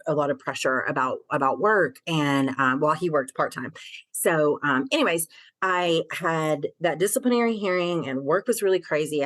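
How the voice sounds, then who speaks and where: A middle-aged woman with a low-pitched voice recounts her story openly and plainly. She swears casually and fills her sentences with ums and likes. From Tennessee. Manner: frank, swears casually, many fillers. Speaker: guest. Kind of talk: candid personal storytelling.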